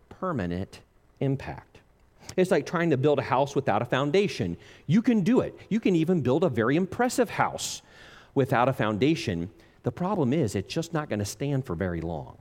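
A man preaching a sermon in an earnest, measured way, slowing down and dropping low on key phrases. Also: darkish tone.

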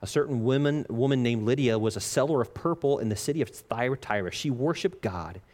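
Animated pastor preaching in an echoing hall. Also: male voice, medium pitch, brisk. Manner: animated, jokey, laughs often, acts out quotes. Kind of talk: sermon. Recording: long reverb of a large hall.

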